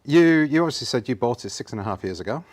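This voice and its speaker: A man hosting a live studio interview, short of breath and a little apologetic. He talks in a lively, bouncing tone that swings up and down a lot, chatty and friendly with his guest. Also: mid-range voice, rapid-fire. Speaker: host.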